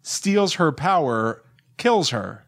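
A man's voice: a little high, very animated, takes it slowly, fairly bright tone. A young man hosting a podcast in casual chat, rambling and joking with many "uh" fillers. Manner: rambling and jokey, with frequent "uh" fillers. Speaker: podcast host.

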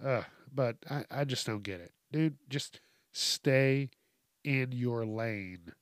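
A man's voice: mid-range voice, slow, no room sound, studio quality. A man hosting a comedic news show, ranting with heavy swearing and frequent laughter in a mocking tone. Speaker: host. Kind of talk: profane comedic news rant.

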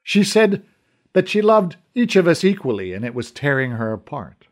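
A man voicing an old, troubled archer who speaks slowly, in a low and halting way. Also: sing-song. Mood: wistful. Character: old troubled male archer, gruff and brooding.

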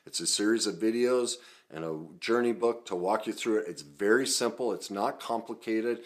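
Deep low voice, guy coaching ppl thru a self-help video, earnest and emphatic. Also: moderate pace. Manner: earnest, emphatic, personal storytelling.

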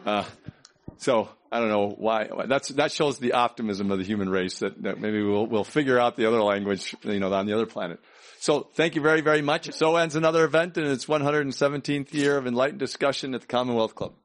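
A man moderating a public event, giving polite, halting closing remarks. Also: medium pitch.

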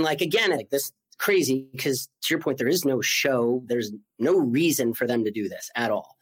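Guest in his forties, lively storytelling man, mid-pitched voice. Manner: animated, acts out quoted voices, many "like" fillers. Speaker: interview guest. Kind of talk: storytelling in conversation.

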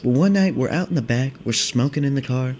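A man's voice: mid-range voice, expressive, brisk, a little mellow, a little hiss or hum. A man in his twenties telling a long casual story, rambling and swearing with many fillers. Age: 20s. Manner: rambling, profane, filler-heavy with constant "like" and "dude". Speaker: vlogger.

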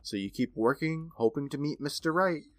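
A man's voice: fairly high pitch, moderate pace, no room sound. A man in his thirties co-hosting a podcast, eagerly retelling an episode in casual chat and laughing often. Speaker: podcast co-host.

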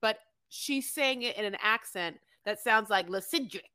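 A woman co-hosting a podcast in casual chat, lively and imitating phone recordings and people as she talks. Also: mid-range voice, unhurried, clear, resonant tone. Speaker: podcast co-host.

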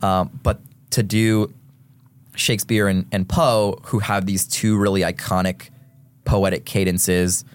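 A man in his thirties, a guest rapper in a casual podcast interview, explaining things in an animated, nerdy, theatrical way. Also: low voice, measured pace, clear, resonant tone.

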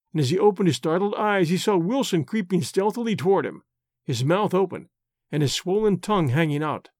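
A man narrating an adventure story in a measured, dramatic reading. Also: high-pitched, darkish tone, dry recording, clean studio sound. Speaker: audiobook narrator. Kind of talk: scripted narration.

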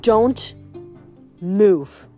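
A woman's voice: mid-range voice, animated, drawn-out words, warm tone, faint music behind. A woman reading a book aloud, voicing a tough, blunt teenage girl warrior who gives orders. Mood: grim. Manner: blunt and commanding.

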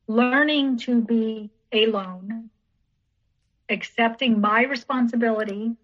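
Woman, podcast guest, recounts her past in a rambling, repetitive way; fairly high voice; muffled lo-fi recording. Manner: rambling, repeats herself, acts out others' lines. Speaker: teacher. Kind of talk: personal storytelling in an interview. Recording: dull lo-fi recording.

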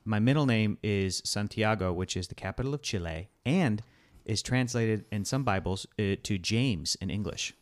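A man's voice: on the low side, normal speed, few pauses. Playful male podcast host. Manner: playful, joking, laughs often. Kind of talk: casual podcast chat.

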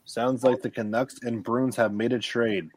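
A man's voice: medium pitch, steady tone, moderate pace, slight background noise. A man co-hosting a podcast in casual chat, teasing his friends with joking banter. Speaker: podcast co-host.

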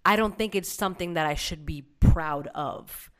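A woman's voice: fairly low pitch, normal speed. A woman co-hosting a casual chat, reflecting candidly and thinking aloud, with slang.

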